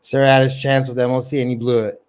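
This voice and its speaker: A man's voice: medium pitch, little pitch movement, fast, a little mellow, smooth. A man hosting a casual livestream chat, rambling with lots of fillers. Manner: rambling, many ums and likes. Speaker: livestream host.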